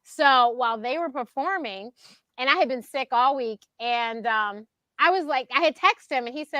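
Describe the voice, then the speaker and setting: A high-pitched woman with a bright, forceful voice, chatting in a casual, storytelling way. She is lively and laughs often, and she jumps into a higher voice when she acts out what other people said. The sound is dry and close. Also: moderate pace, dry recording. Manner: animated, acts out quotes in a higher voice; laughs often mid-sentence. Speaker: show host being interviewed.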